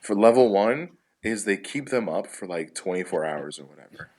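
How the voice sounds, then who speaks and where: A man with a lowish voice chats casually on a comedy podcast. He spins long, rambling stories full of swearing. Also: lively intonation, moderate pace, darkish tone. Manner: rambling profane storytelling. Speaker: podcast participant.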